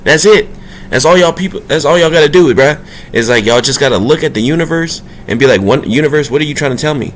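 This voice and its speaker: A man talking casually and profanely about spirituality, in loose, slangy street talk that swings between low asides and high, emphatic bursts. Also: lively intonation, quick pace, a little hiss or hum. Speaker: spiritual vlogger.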